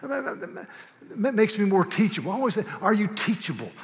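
A man preaching a sermon as pastor, swinging from hushed, tender asides to loud, emphatic declarations. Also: sits high, very animated, moderate pace. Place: church sanctuary. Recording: long hall reverb.

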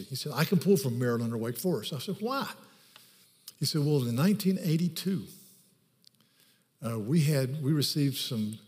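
A man's voice: mid-range voice, darkish tone. A male pastor preaching a sermon, telling stories and then pressing his points from scripture with emphasis. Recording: reverberant hall recording.

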